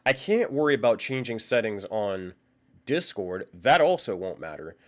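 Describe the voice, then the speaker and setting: Lively, chatty young man streaming live. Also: fairly low pitch, normal speed. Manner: loose, profane, laughs often, thinks aloud. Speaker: livestream host. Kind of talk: casual live-stream chat. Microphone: condenser microphone.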